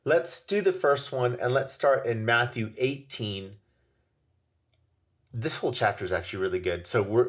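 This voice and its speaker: A man giving an informal Bible teaching on parenting, emphatic, repeating his points and asking rhetorical questions. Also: fairly low pitch.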